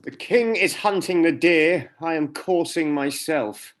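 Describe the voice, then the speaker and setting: An actor playing a lovesick young courtier who mocks himself in exclamatory bursts, in a live-streamed Shakespeare reading. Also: male voice, fairly high pitch, unhurried, lightly acted. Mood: exasperated. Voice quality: self-mocking, exclamatory. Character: lovesick young male courtier, wry and exasperated.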